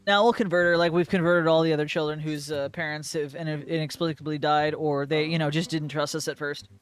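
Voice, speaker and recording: A man's voice: on the high side, fairly even intonation, brisk, clean tone. A man playing a tabletop game, joking in a gleefully villainous, profane way. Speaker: player. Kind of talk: casual tabletop play.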